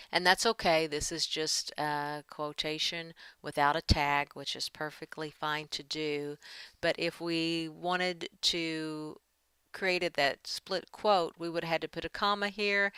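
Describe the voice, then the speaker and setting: A woman's voice: low voice, bright, forceful tone, clear, resonant tone, no room sound. A woman giving a writing lesson, talking through edits as she works and reading draft passages aloud. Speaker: writing teacher. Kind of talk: screen-share editing lesson.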